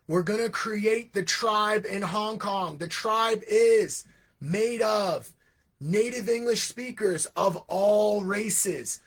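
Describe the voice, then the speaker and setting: A man who is an English teacher and founder of an education program, speaking in a live, energetic monologue with frequent asides. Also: high-pitched, breathy edge. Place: Hong Kong.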